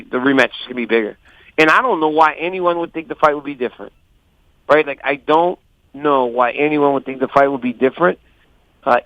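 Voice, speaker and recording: A man calling in as a guest fighter, telling stories animatedly and quoting others in lively voices. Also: mid-range voice, no room sound. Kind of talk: casual phone interview. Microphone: phone call. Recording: dull lo-fi phone line.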